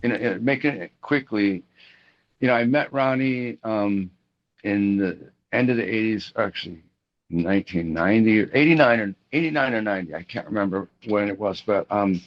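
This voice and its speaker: A middle-aged man with a fairly low voice tells casual, rambling stories in an interview. He restarts often, leans on fillers, and animates the people he quotes. The audio is dull and lo-fi. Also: normal speed. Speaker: rock guitarist interviewee.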